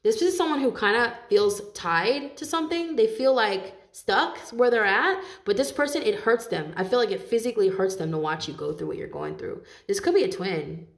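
A woman's voice: on the high side, sing-song, normal speed, hardly any pauses, echoey room. A woman giving a casual tarot reading, talking in a chatty, loose way, swearing freely and laughing often. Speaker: tarot reader.

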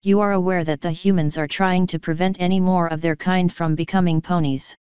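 A woman voicing a wise, regal female pony princess who speaks in a measured, formal, gentle way. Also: lowish voice, fairly even intonation, smooth, no echo, lo-fi sound, natural voice. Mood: calm.

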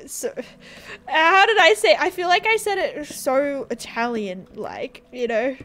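A woman's voice: high voice, expressive, measured pace, fairly bright tone. A woman streaming a game live, chatting casually with her chat and giggling often as she plays. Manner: giggly, chatty, talks to chat while playing. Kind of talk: casual gaming livestream chat.

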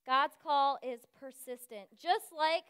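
A woman giving a sermon, telling a lively personal story and acting out the voices of the people in it. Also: high-pitched, slow pace, dry recording. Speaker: speaker at a church service.

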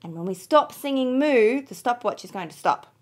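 A woman teaching children to sing, talking gently and encouragingly and singing moo notes over a piano. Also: a little high, animated, normal speed. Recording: piano music behind. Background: piano keyboard.

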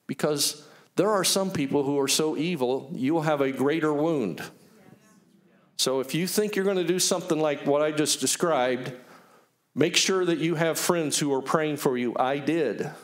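A male pastor preaching an animated sermon, telling personal stories and acting out the dialogue he retells. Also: on the high side. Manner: earnest, personal testimony.

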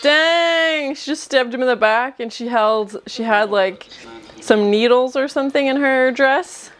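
Animated woman reacting to a movie. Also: sits high, unhurried, rough recording. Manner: animated, exclamatory, chatty with fillers. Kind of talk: casual reaction commentary. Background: film soundtrack music.

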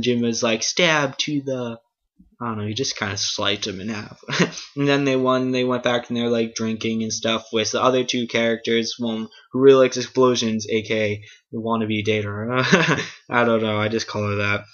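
A man's voice: mid-range voice, little pitch movement, moderate pace. A man casually recapping an anime episode, rambling and swearing, filling his talk with "like" and "um". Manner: rambling, profane, heavy use of "like" and "um". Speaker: anime reviewer. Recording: dull lo-fi webcam audio.

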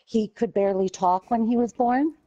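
A woman's voice: a little high, normal speed, mellow, no echo, muffled recording. A woman, a parent, scolding a rude gamer in a lecturing, sarcastic way.

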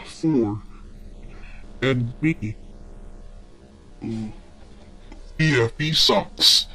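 A whiny, short-tempered boy from a homemade cartoon rants with a sneering, complaining manner, voiced by a man. His voice swings all over the place in pitch. He drawls his words out slowly. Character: boy ranting about web shows, whiny, short-tempered. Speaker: ranting character.

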